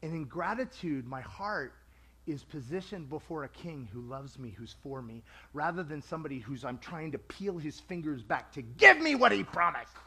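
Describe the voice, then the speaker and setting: A man preaching a sermon to a congregation in a lively, conversational way, acting out quoted voices. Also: a little high, normal speed, husky.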